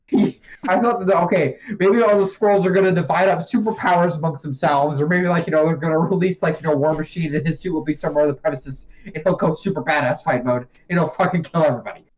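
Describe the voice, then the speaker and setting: A man's voice: on the high side, a little fast. Rambling profane young man, lo-fi sound. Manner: rambling, profane, laughs often. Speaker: podcast co-host. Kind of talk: casual chat. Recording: dull lo-fi sound.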